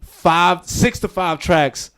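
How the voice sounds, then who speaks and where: A young man co-hosting a podcast in casual chat, laid-back, trading quips and quick reactions. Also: sits high, a bit bright, smooth. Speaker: podcast co-host.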